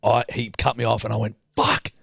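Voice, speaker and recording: A man's voice: on the low side, a little fast, vocal fry, husky, no echo, clean studio sound. A man co-hosting a podcast, telling stories in casual banter, swearing and joking a lot. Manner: swearing, jokey, lively storyteller. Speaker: podcast co-host.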